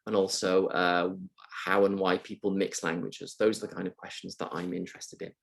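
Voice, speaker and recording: A man's voice: sits low, little pitch movement, moderate pace, creaky, breathy edge. A male university lecturer answering questions in a live online session, thoughtful and hesitant with many ums and uhs, speaking on a video call.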